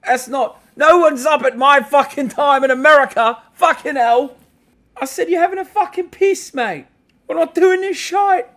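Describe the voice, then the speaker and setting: A streamer voicing a brash, foul-mouthed young British lad in a mock British accent, swearing constantly. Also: male voice, very high-pitched, moderate pace, fairly bright tone, voice pushed up. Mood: outraged. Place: hotel room.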